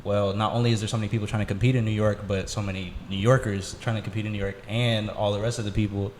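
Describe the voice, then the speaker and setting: A man from Minnesota hosting, posing measured questions to his guests. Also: lowish voice, little pitch movement, a little mellow. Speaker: podcast host. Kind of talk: interview questions. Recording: echoey hall with faint noise.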